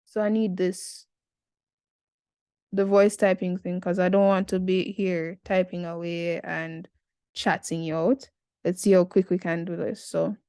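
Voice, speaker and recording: A woman's voice: on the low side, level tone, normal speed, a little mellow, no echo, studio quality. A Jamaican woman in her twenties, talking through an essay in a casual, chatty tutorial with slangy asides. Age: 20s.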